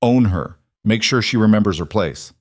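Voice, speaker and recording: A man's voice: fairly low pitch, animated, normal speed, no room sound, clean studio sound. A man voicing a hardened, grim male rancher and war veteran who speaks in short, clipped lines. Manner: terse, clipped.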